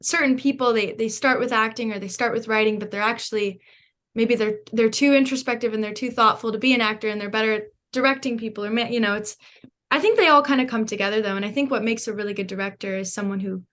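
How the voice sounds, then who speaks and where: A woman's voice: on the high side, steady tone, fast talker, fairly bright tone. A woman hosting a podcast interview, enthusiastic and chatty, often restarting her words. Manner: enthusiastic, restarts words, frequent backchannel "mm-hmm". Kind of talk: casual interview.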